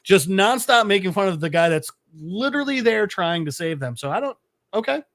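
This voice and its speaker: Male podcast co-host, higher-pitched, animated recapper, foul-mouthed and quick to laugh, dry close sound. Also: dry recording. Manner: animated storyteller, swears freely, laughs at his own asides. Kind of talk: casual podcast chat recapping a comic.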